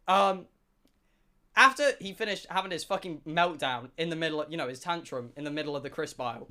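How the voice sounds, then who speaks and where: A man's voice: on the high side, expressive, fairly quick, bright, forceful tone. A man streaming, telling a comic story to his chat, swearing and exaggerating. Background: music.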